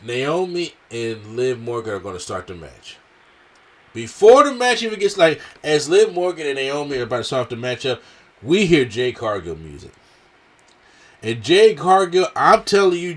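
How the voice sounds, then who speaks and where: A man reviewing a wrestling show in casual slangy talk, with a strained throat, acting out what the wrestlers said. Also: a little high.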